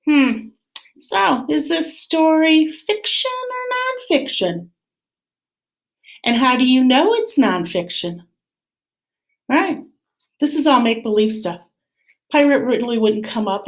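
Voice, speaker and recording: A woman teacher reads a picture book aloud to young children, animated and expressive. Her voice sits fairly high and moves up and down a lot. The room around her is echoey. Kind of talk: read-aloud story time for children.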